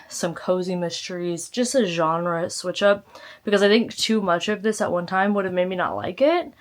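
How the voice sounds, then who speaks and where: A woman book vlogger giving a chatty, reflective check-in on her reading progress. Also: lowish voice.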